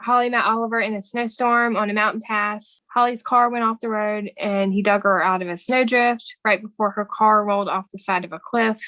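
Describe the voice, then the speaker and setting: A woman's voice: medium pitch, fairly even intonation, fairly quick, hardly any pauses, dry recording, poor audio. A woman co-hosting a podcast, chatting casually and reading quoted movie lines aloud in an earnest tone. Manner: reads quoted film dialogue aloud, warm and earnest. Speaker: podcast co-host. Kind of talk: casual movie recap chat.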